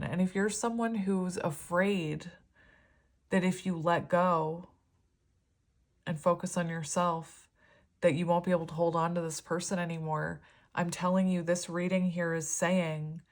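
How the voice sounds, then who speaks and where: A young woman giving a casual, rambling tarot reading with big, expressive reactions. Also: fairly low pitch. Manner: chatty, rambling, expressive, laughs often. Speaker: tarot reader.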